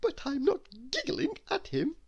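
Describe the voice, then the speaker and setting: A man voicing a cheerful, giggly young woman waitress in a storybook, speaking high and bubbly. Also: wildly swooping pitch, unhurried, dull audio, heavily acted. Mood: happy.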